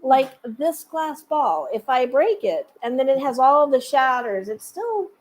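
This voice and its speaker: A woman's voice: high-pitched, sing-song, unhurried, low-quality recording. A woman hosting a casual chat, playful and chatty, with rambling asides. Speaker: podcast host.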